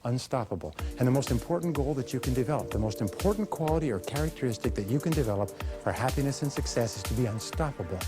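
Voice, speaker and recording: An energetic man speaks at a motivational seminar, addressing a live audience directly. His delivery is animated and he slips into quoted voices now and then. A faint bed of music plays behind him. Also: mid-range voice, fast talker.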